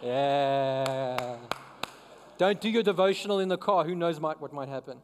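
High-voiced preacher in an echoing hall. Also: male voice, unhurried, a little hiss or hum. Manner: conversational, asks the crowd questions. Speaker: pastor. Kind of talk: sermon.

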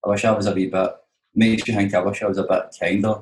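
A Scottish man with a lowish voice tells rambling, sweary stories as a touring musician, leaning on "you know what I mean" again and again. He speaks in a roomy space that gives his voice a clear echo. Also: flat delivery, fast, slight background noise. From Scotland. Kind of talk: casual storytelling chat.

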